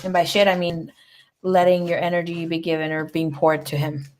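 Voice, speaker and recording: A woman doing a casual tarot livestream tells stories bluntly, with plenty of profanity and chatter. She has a lowish, level voice and a moderate pace, and the recording is very noisy.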